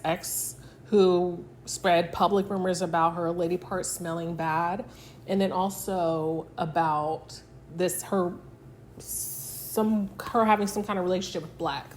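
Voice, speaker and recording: Acting out the cast's lines, a lowish-voiced woman gives a chatty recap of a reality TV episode, her speech full of fillers. A faint hiss or hum sits under the recording.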